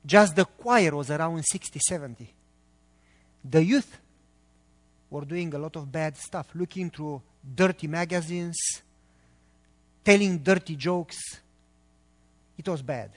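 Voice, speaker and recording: Male preacher, Romanian accent, earnest sermon delivery, slightly high voice, reverberant church hall. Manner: earnest, talks quickly when excited, pauses between phrases. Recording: long reverb of a large hall.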